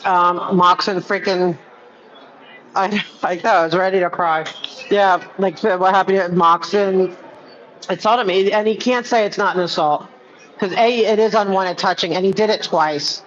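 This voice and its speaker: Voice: mid-range voice, steady tone, moderate pace, fairly bright tone, slight background noise. A person chatting casually on a live stream, rambling with lots of "like" and restarts. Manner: rambling, many fillers and restarts. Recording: muffled with crowd chatter behind.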